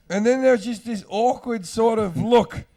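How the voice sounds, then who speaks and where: A man's voice: very high voice, warm tone. A man, a comedian hosting a podcast, telling crude, rambling anecdotes in casual chat and acting out the quotes.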